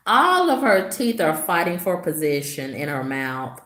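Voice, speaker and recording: A woman's voice: lowish voice, sing-song, unhurried, fairly bright tone, echoey room. A woman vlogger telling a story to her viewers in a sassy, gossipy way, her voice swooping up for emphasis. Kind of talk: casual vlog storytelling to viewers.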